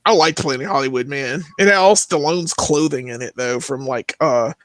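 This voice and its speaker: A young man co-hosting a casual movie podcast, chatting in animated bursts that leap up into high exclamations. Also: moderate pace, no room sound. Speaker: podcast co-host. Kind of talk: casual chat.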